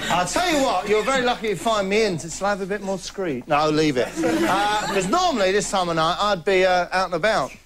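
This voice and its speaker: A man delivering a rambling comic monologue, deadpan and boastful. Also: sits high, a little fast, hardly any pauses, over a noisy crowd. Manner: chatty, deadpan boasting, laughing at own jokes. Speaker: comedy host. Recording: noisy background.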